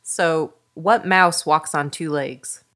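A mother telling jokes as a guest in a casual podcast chat, playful and unhurried. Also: deep voice, fairly bright tone.

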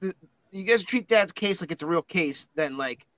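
A grown son speaking haltingly and earnestly, tripping over his words, as a man plays him. His voice sits a bit high and the sound is bone-dry. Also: lively intonation, a bit bright, no echo, rough recording. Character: grieving adult son of an obsessed father.

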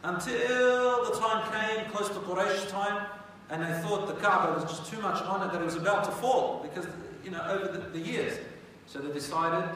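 A man's voice: sits high, normal speed, hardly any pauses, sharp tone. Male religious storyteller in an echoey hall. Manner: conversational, asks the audience rhetorical questions. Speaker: religious teacher. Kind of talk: storytelling lecture. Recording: echoey hall from far off, faint noise.

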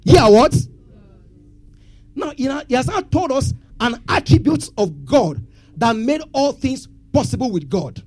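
A man's voice: extremely high pitch, very animated, a little slow, a little mellow, breathy edge, soft background music. A man preaching a sermon, asking the congregation questions and having them answer back. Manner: call-and-response questions to congregation. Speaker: pastor.

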